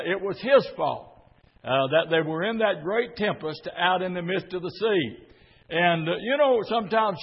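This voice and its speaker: An older man preaches fervently in a church, his high, husky voice carried by a long reverb. He leans on "uh" fillers and repeats phrases for emphasis, and the recording sounds muffled. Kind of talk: revival sermon.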